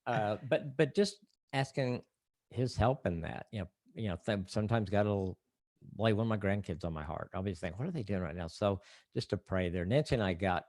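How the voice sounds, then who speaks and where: A man's voice: lowish voice, animated, brisk, a little mellow, no echo. An older man, a marriage counselor, talking earnestly and reflectively in a casual podcast interview, often restarting his thoughts.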